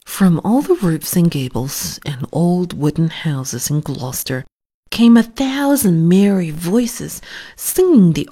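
A woman reading a children's story aloud in a soft, hushed, whispered storytelling voice. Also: lowish voice.

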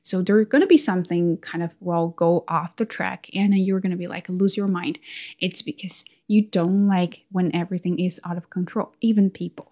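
A woman's voice: fairly low pitch, normal speed. A woman talking through her thoughts in a candid, self-questioning casual monologue. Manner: candid, self-questioning, with lively quoted asides. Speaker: vlogger.

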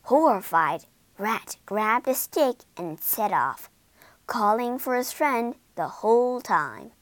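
A woman reading a children's storybook aloud, expressive and unhurried. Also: fairly high pitch, no echo. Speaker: storybook narrator.

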